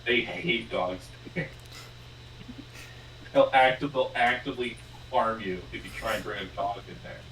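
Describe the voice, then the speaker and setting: A young man playing a tabletop game, joking around with an animated manner. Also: fairly low pitch, unhurried, pauses often, roomy sound, a little hiss or hum, low-quality recording. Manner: animated, jokey, slips into silly voices. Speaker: player. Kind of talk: casual chat while playing.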